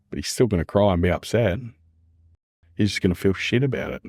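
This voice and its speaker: A man's voice: deep voice, fast, a little mellow, no room sound, studio quality. An Australian man talking earnestly and candidly as a podcast guest, repeating phrases and calling the listener "man" and "mate". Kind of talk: candid casual conversation.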